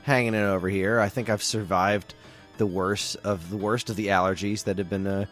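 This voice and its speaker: Low-voiced playful male podcast host. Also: fairly even intonation, normal speed, fairly bright tone, faint music behind. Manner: playful, jokey banter. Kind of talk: casual chat.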